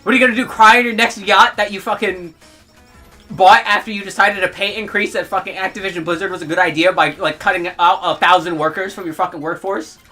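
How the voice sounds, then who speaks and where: A woman's voice: mid-range voice, steady tone, fast talker, sharp tone, faint music behind. A young adult woman streamer ranting in heated, profane commentary and laughing between outbursts.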